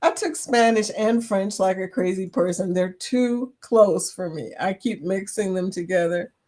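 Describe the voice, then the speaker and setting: A woman's voice: mid-range voice, unhurried, darkish tone. A middle-aged woman hosting a casual live chat, reading viewer comments aloud, chatty and silly and laughing often. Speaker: livestream host.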